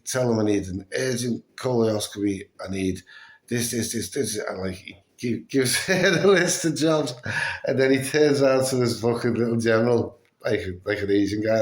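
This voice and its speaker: For a relaxed vlog, a man relates a story in a medium-pitched, slightly mellow voice with a roomy sound. Fatigue and breathlessness come through, along with plenty of swearing and acted-out dialogue from others.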